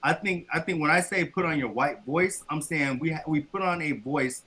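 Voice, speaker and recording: A man's voice: on the high side, moderate pace, bright, forceful tone. A man co-hosting a podcast in casual chat, arguing emphatically and stammering as he restarts his points. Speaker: podcast co-host.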